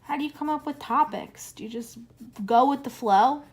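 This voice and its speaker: A young woman chatting casually while she colors, rambling and easily sidetracked, with a voice that is going hoarse. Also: high-pitched, moderate pace, a little mellow. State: losing her voice. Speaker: coloring channel host. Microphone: camera on a monopod.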